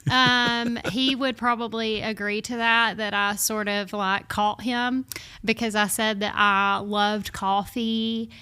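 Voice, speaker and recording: Bright, chatty Southern woman. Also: a little high, flat delivery, takes it slowly, clean tone. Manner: chatty, laughs often, self-deprecating. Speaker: guest. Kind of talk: casual podcast chat.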